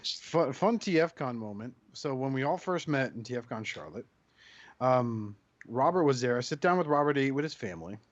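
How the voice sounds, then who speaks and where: A man hosting a casual podcast chat who tells lively, teasing stories. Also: mid-range voice, moderate pace. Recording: slightly dull audio.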